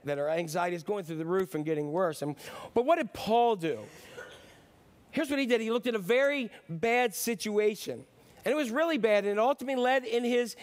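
A man preaching a sermon as pastor, telling a joke with lively character voices. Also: high voice. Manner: animated storyteller, voices characters.

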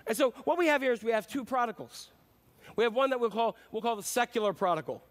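A middle-aged male pastor with a noticeably high voice delivers a sermon. He talks in a loose, conversational way and acts out the lines of the Bible characters he reads. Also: fast talker.

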